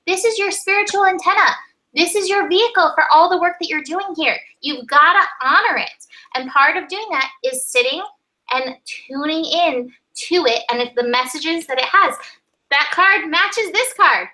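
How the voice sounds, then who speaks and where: A chatty woman walks through a weekly tarot spread, acting out quick quoted voices. Her voice sits high. Her tone is bright and clear. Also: poor audio. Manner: chatty, animated, acts out little quoted voices. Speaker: tarot reader co-host. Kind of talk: weekly tarot and astrology reading.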